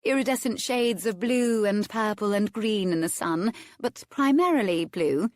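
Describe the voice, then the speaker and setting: A woman's voice: mid-range voice, measured pace, a little mellow, no room sound, clean studio sound, voice pushed up, natural voice. A woman voicing a playful young lady who feigns wide-eyed innocence while teasing a man. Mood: coy, teasing.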